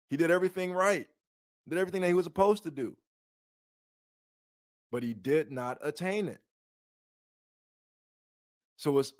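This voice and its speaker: A man leading a bible study, reading scripture aloud and breaking off with rhetorical questions and frequent restarts. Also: medium pitch. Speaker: bible teacher.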